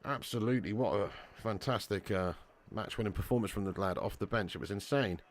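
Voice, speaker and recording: A man hosting a live football watch-along, giving commentary and reading out chat in an excitable, slangy way with indignant outbursts. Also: lowish voice, a little fast. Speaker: match watch-along host.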